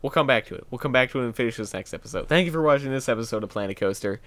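A young man giving casual gameplay commentary, thinking aloud, getting excitable and swearing as he works. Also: mid-range voice, very fast. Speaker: gameplay video host.

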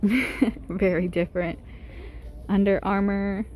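A woman's voice: mid-range voice, steady tone, slow pace, a little mellow, a little hiss or hum. A woman vlogging a casual shopping walkthrough in a big store, chatting about prices and gushing over cute items as she films on her phone. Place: inside a large retail store.

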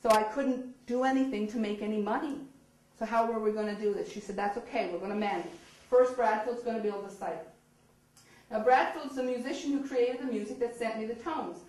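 Kobieta z wysokim głosem w pogłosie sali. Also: female voice, on the high side, fairly quick. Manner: animated, acts out quoted dialogue with laughs. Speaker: speaker telling her story. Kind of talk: storytelling talk to an audience. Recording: echoey hall.

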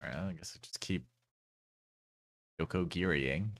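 A man's voice: sits low, a little slow. A man casually commenting on a game he is playing on stream, wry and swearing freely.

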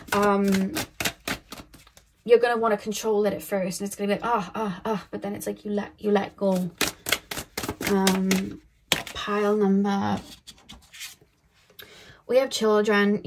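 A woman's voice: medium pitch, slight background noise. A young woman giving a casual, rambling tarot reading to camera, laughing often and acting out little quoted voices. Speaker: tarot reader.

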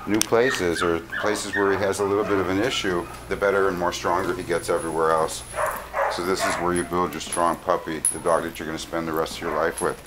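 Calm low-voiced male dog trainer. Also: brisk. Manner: calm, short commands and steady praise to a dog. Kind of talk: filming a training session and explaining. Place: indoors at a kennel facility. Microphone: handheld camera mic. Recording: loud background noise, dogs barking.

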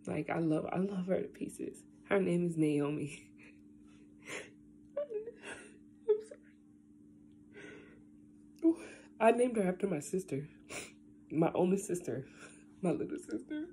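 Low, mellow-voiced young woman vlogging. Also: expressive, gravelly, a little hiss or hum. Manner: rambling and tearful, halting with fillers. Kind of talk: casual vlog, emotional talk then unboxing.

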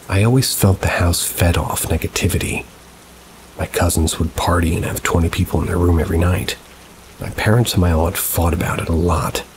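Deep-voiced man narrating over rain. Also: a little hiss or hum, rough recording. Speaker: story narrator. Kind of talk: reading paranormal stories aloud. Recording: steady rain sounds behind the voice. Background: rain ambience.

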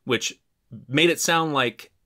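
A man co-hosting a science podcast, explaining fossil research in a relaxed, chatty way with some restarts. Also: fairly high pitch, slow pace. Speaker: podcast co-host. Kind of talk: casual science podcast chat.

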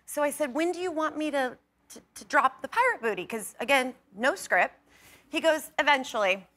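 A woman in her thirties, a talk show guest, telling an animated anecdote, acting out dialogue and laughing as she goes. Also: high-pitched, moderate pace, a little hiss or hum. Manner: animated storyteller who acts out quoted dialogue and laughs often. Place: TV studio.

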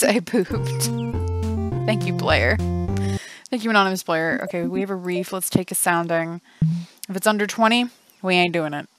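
Brief: casual woman gamer, mid-pitch, chatty commentary over game music. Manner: chatty, laughing, thinking aloud. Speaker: gaming channel host. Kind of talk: casual let's play commentary.

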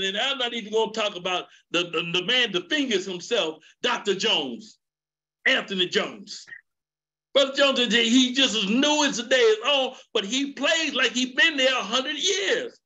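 A middle-aged man preaches to a men's gathering, his voice sitting high with a bright, ringing edge. His fervent preaching cadence keeps climbing into shouts. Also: animated, unhurried. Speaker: elder teaching a men's session. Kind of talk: sermon.

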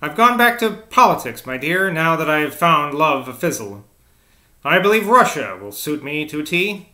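A man's voice: on the high side, very animated, moderate pace, pushed and bright. A man voicing a bold, restless young woman's letter in a storybook reading, dramatic and impatient. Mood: impetuous.

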